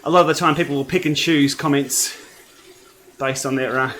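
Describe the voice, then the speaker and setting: A chatty Australian man with a slightly high voice talks loosely to his livestream audience, reading their comments as he rides. He sounds relaxed and easygoing. A faint steady noise sits under his voice. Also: normal speed. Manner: chatty, laid-back, reads and answers viewer comments. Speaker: cycling livestream host. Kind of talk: casual livestream chat while riding. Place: home training room.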